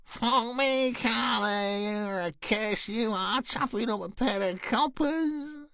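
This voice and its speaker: A man voicing a scrawny, strung-out young woman with a high, screechy, slurred and mocking voice. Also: takes it slowly, gravelly, sharp tone, no echo, clean studio sound, full character voice.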